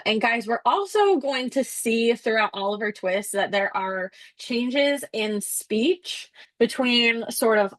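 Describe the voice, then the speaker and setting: A woman's voice: a little high, a bit bright, dry recording. A young woman leading a casual class discussion of a novel. She is chatty, fills her talk with "like" and laughs often. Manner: chatty, laughs often, addresses the group as guys. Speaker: student leading a book discussion.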